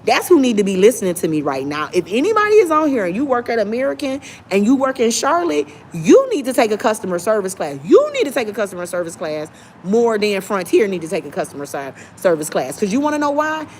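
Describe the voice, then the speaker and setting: A young woman gives an emphatic, opinionated rant straight to the camera, now and then dropping into a soft, polite customer-service voice. Her pitch sits mid-range for a woman. A faint hiss of noise runs underneath. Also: very animated, fast talker. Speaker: travel vlogger.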